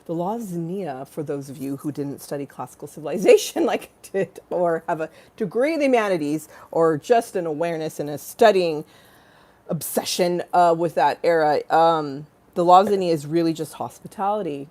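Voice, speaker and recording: Giggly, rambling low-voiced woman livestreaming. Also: expressive, brisk, dark tone. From Los Angeles-based. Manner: rambling, giggly, profane, breaks into sung bits. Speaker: livestream host. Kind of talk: casual livestream chat. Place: home in a hot room with a fan.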